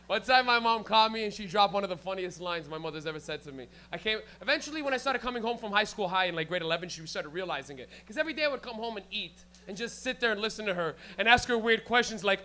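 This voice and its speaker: A man's voice: high voice, expressive, fast talker, pushed and bright. A young man doing loose, profane stand-up in a club, riffing with the crowd and laughing at his own bits. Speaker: stand-up comedian. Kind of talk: live stand-up comedy. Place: comedy club with a live audience.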